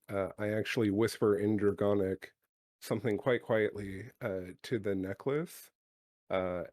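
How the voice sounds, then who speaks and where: Slow, low-voiced man describing his actions. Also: a little mellow, no room sound, clean studio sound. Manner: slow, deliberate, with many ums. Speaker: player. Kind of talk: tabletop game play.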